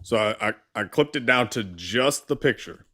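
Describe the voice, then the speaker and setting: A man's voice: medium pitch, lively intonation, normal speed, pushed and bright. A man co-hosting a live politics stream, telling a story in a loose, chatty way. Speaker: co-host. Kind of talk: casual chat.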